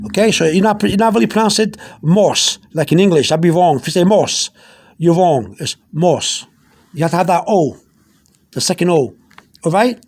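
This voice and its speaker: A man's voice: high-pitched, a little mellow. A man giving an informal pronunciation lesson, repeating words patiently with frequent restarts, recording on a phone held in one hand. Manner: repetitive, patient, restarts often. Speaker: Spanish teacher.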